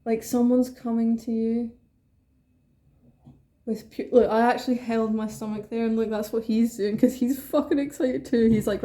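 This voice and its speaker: A woman giving an excitable, rambling tarot reading, swearing freely and breaking into asides. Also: a little high, normal speed. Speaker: tarot reader. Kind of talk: casual tarot reading to camera.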